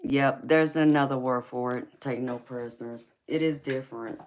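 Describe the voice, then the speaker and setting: A woman's voice: rumbling low, fairly even intonation, moderate pace. A woman with a Southern US accent hosting a casual live stream, laughing often and calling her viewers baby and honey. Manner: laid-back, giggly, calls viewers baby and honey. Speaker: tarot reader and livestream host.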